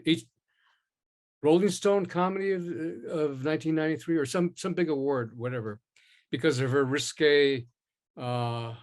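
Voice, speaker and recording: An older man talks through his career in a relaxed interview, at an ordinary middle pitch. He rambles and backtracks, breaking into quoted dialogue as he goes. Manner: rambling, animated, with many restarts and acted-out quotes. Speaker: actor, interview guest. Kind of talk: casual interview storytelling.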